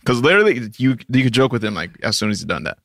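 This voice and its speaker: A young man chatting casually with friends, quick and animated, swearing casually. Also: medium pitch, dry recording, studio quality. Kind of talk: casual podcast chat.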